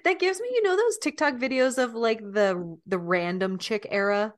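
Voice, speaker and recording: A woman's voice: on the high side, moderate pace. A woman co-hosting a podcast in casual chat, laughing and guessing at odd phrases. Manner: laughing, guessing, swooping lively voice. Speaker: podcast co-host.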